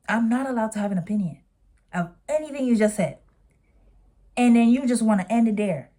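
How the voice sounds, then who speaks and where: A woman's voice: fairly high pitch, lively intonation, normal speed, dark tone. A young adult woman vlogger telling a storytime with a sassy, exasperated edge.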